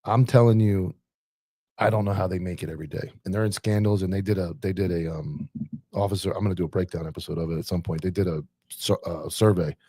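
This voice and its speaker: A man in his forties, a police officer hosting a casual chat, telling animated stories about the job with swearing. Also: low-pitched, fast talker, husky, no echo. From Florida. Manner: swearing, animated war stories with acted quotes. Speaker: podcast host and police officer.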